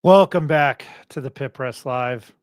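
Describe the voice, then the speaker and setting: A man's voice: mid-range voice, a little fast, heavy background noise. A man hosting a live sports talk show, chatty and jokey in an upbeat, casual way. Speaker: podcast host.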